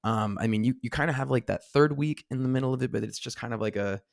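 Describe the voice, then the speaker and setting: A man's voice: mid-range voice, quick pace, vocal fry, dry recording. Guy cohosting a chill podcast, rambly with tons of "like" and restarts, dry mic. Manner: rambling, lots of filler words and restarts. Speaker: podcast co-host. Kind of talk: casual podcast chat. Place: studio seated across from co-host.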